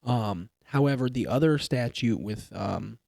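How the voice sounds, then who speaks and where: A young man talks casually on a podcast about police work. His voice is mellow and warm, recorded close and dry on a studio mic. He explains through examples, restarting sentences as he goes. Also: medium pitch, unhurried, creaky, no room sound. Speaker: police trainee or new officer.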